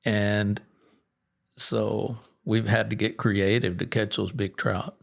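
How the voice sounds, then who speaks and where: A middle-aged man, a guest angler, telling fishing stories in a relaxed, rambling way with restarts. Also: lowish voice, slow pace, creaky. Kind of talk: casual storytelling.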